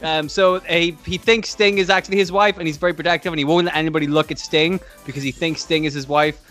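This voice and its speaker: A man's voice: fairly high pitch, fairly even intonation, quick pace, fairly bright tone, soft background music. Profane, rambling male podcast co-host. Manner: rambling, profane, laughs at own jokes. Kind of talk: casual podcast chat, improvised storytelling.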